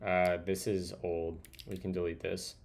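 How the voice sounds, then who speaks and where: Deep voiced guy livecoding, slow and mumbly, thinking out loud, typing in the background. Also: little pitch movement, creaky, slight background noise. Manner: muttering to himself while typing. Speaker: streamer. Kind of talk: live coding, thinking aloud. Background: keyboard typing.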